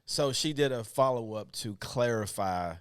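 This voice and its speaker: A man hosting a podcast, explaining slowly with halting pauses. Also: medium pitch, clear, resonant tone. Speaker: podcast host. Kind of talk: casual podcast chat.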